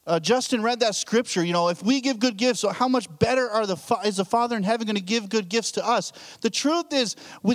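A man in his thirties preaching a casual sermon, chatting and joking with the congregation and asking them questions. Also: high-pitched. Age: 30s. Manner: conversational, jokes with the congregation, asks questions. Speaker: pastor.

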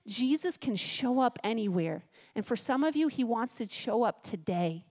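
A woman's voice: fairly high pitch, lively intonation, a little slow, hardly any pauses, darkish tone. A woman preaching a sermon in a church, telling stories in an emphatic, off-the-cuff way. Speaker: guest preacher.

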